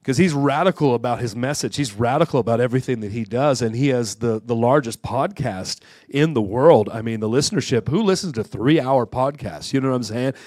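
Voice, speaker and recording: Man, mid-pitched revival preacher, dry sound, halting restarts building to fervor. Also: animated, no room sound. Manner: stumbling restarts, building to fervent shouts. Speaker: guest preacher. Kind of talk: sermon. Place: church conference hall.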